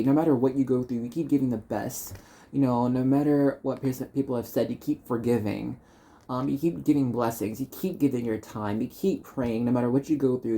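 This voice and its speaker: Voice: mid-range voice, gravelly, warm tone. Chatty, encouraging tarot reader. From Dallas, Texas. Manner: chatty and encouraging, rambling with many fillers. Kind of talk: tarot reading for viewers.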